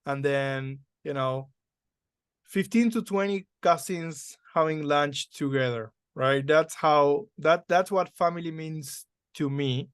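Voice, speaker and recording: A man hosting a relaxed interview, talking conversationally and checking in with tag questions. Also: a little high, takes it slowly, smooth, no echo, clean studio sound. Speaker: podcast host. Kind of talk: casual interview.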